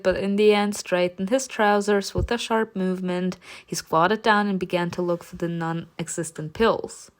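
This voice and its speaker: A woman's voice: medium pitch, steady tone, normal speed, few pauses. A woman reading a romance story game aloud, reacting with laughter and playful swearing between passages. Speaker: game player reading a visual novel aloud.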